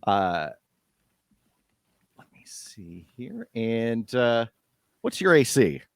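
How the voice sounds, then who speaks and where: A man runs a tabletop game as game master, narrating slowly with an animated, swooping pitch. He fills pauses with "uh" as he goes. The sound is dry and close. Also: creaky, dry recording. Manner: lively, unhurried, many fillers.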